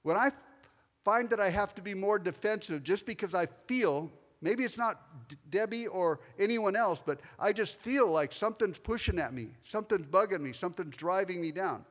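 A pastor in a church sanctuary shares a personal, confessional story during his sermon, turning aside to speak directly to members of the congregation. His high-pitched voice is expressive and fairly bright at a normal speed, with long hall reverb around it.

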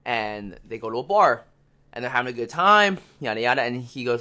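A man's voice: medium pitch, expressive, fairly quick, bright, forceful tone. A man co-hosting a podcast, telling a long anecdote in casual chat and acting out other people's lines. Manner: rambling anecdote teller, acts out others' lines. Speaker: podcast co-host.

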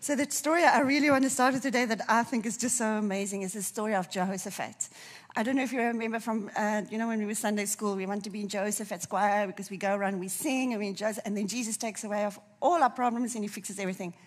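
A woman's voice: medium pitch, fairly even intonation, fast talker. A woman preacher with a runny nose, delivering a sermon and repeating key phrases for emphasis.

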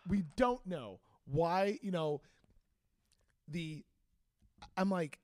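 A high-voiced man tells a story in casual chat, his pitch swinging widely as he acts out what people said. He is a teacher and band director. The sound is dry and close. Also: extremely slow, long pauses, no room sound. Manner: animated, acts out quotes with big pitch jumps.

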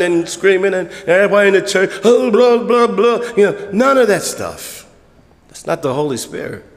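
A man preaching a conversational sermon as pastor, acting out church members in quick voices. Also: sits high, long reverb tail.

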